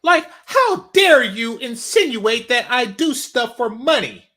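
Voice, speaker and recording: A man putting on the voice of an offended, haughty woman, mocking her with high-pitched indignation. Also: very animated, slow pace, bright, forceful tone, heavily acted. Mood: indignant.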